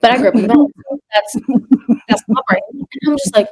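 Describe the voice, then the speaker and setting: A woman on a podcast telling a personal story in a casual, animated way, full of fillers and quoting herself. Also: a little high, fast, husky. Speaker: guest, third grade teacher.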